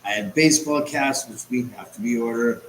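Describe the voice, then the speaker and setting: A chatty man rambles through a live stream from his home, answering viewer comments as they come in. His voice sits at a mid pitch. The room is echoey and roomy, with a faint hiss underneath. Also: moderate pace. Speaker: host. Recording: roomy echo, faint background noise.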